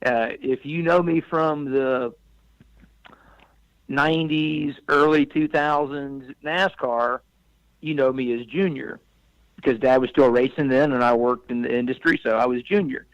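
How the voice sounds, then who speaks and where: A man co-hosting a podcast, speaking in a relaxed, conversational, self-deprecating way. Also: medium pitch, a little slow, dry recording, muffled recording. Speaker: podcast co-host. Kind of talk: podcast interview.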